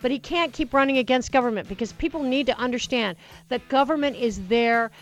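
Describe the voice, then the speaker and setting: A woman's voice: sits high, brisk, muffled recording. Passionate rambling woman talk radio host. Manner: passionate, rambling, full of restarts. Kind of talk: political call-in talk radio. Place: radio studio. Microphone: studio microphone.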